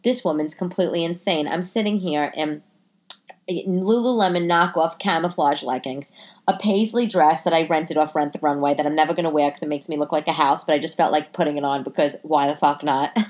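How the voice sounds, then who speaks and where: A woman's voice: low voice, brisk. A woman hosting her podcast alone from her living room, talking into a computer microphone in a rambling, profane, self-mocking comedic monologue full of restarts. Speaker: podcast host.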